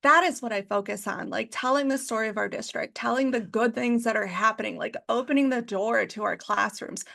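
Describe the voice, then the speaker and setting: A woman who works in school district communications, talking as an interview guest in a chatty, casual way, full of filler words and quick to laugh. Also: fairly high pitch, creaky, fairly bright tone. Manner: chatty, heavy use of 'like' fillers, laughs easily.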